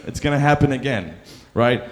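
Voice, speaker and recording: A man's voice: medium pitch, animated, normal speed. A young man performing a stand-up comedy set, rambling and self-deprecating, with lots of fillers, on a club stage mic. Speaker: stand-up comic.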